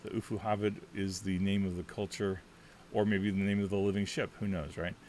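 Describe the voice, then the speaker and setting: A man casually talking through a solo tabletop game, thinking out loud and rambling with lots of fillers. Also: sits low, level tone, fairly quick, a little hiss or hum.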